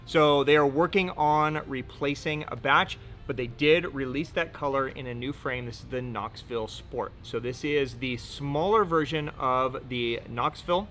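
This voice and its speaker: A man's voice: mid-range voice, a little slow, hardly any pauses, fairly bright tone, a little hiss or hum. A man hosting a casual product rundown indoors, upbeat and joking, swearing casually now and then. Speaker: host. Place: indoor room.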